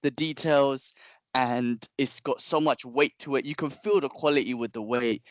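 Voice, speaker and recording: A young man, a podcast co-host telling a long story in casual chat, animated and rambling, with frequent restarts and slang. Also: medium pitch, moderate pace, dry recording, muffled recording.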